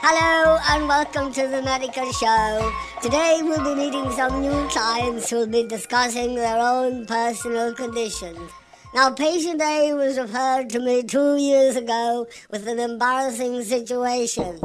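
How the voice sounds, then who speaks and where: A woman's voice: on the high side, measured pace, over music, natural voice. A woman playing a breezy, patronising doctor. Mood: brisk. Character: brisk, pompous doctor with a wife. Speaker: radio comedy performer. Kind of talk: comic radio sketch.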